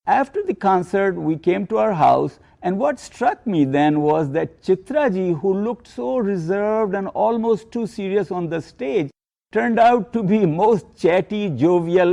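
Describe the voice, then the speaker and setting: Older man, gravelly, mellow storytelling. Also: sits high. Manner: measured storytelling with quoted Hindi asides. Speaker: narrator of a personal tribute. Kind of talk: reminiscing narration.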